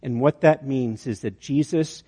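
A man's voice: medium pitch, measured pace, dark tone, breathy edge. A man preaching a sermon, telling an illustration story and often restarting phrases. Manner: storytelling, repeats words on restarts. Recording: long hall reverb.

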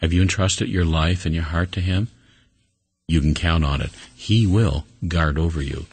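A male preacher delivering a sermon in a deep, husky voice. He tells the story earnestly, pushing some words up high with emphasis and letting others sink to a soft, low murmur. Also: moderate pace, no echo.

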